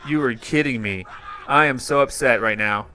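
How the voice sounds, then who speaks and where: A man, a YouTuber, giving excited commentary as he plays a game and often yells at it. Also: mid-range voice, moderate pace, slight background noise. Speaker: YouTuber reacting to videos.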